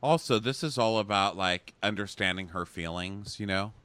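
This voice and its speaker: Low, bright-voiced gossipy man. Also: moderate pace, clear, resonant tone, no room sound. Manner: gossipy, sardonic, acts out quotes. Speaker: podcast co-host. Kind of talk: casual chat recapping a reality show.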